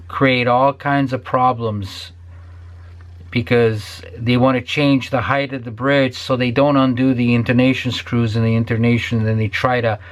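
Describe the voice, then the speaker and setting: A man's voice: mid-range voice, a bit bright. An older man who builds guitars, ranting profanely to his viewers and sometimes dropping into a whisper. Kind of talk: ranting vlog to camera.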